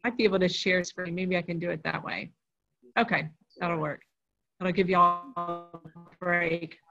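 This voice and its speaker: A woman's voice: on the low side, fairly even intonation, a little slow, gravelly, over music. A woman hosting an online open mic, chatting loosely, then reading a poem over a video call. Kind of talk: casual hosting and poetry reading. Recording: slightly dull video call audio.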